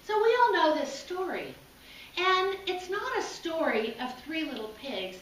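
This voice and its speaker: A woman preacher with a high voice, relating a folk tale in an easy, folksy storyteller manner. She is picked up from a distance in a big, echoing church hall with a faint hum of room sound. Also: sing-song, a little slow, a bit bright. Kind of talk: sermon storytelling. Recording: echoey hall, from far off.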